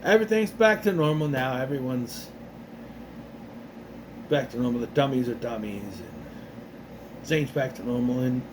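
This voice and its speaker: A man with a mid-range voice and lively intonation rambles through a casual recap of a TV episode, restarting a lot and acting out the characters' lines in quick voices. Background noise is present.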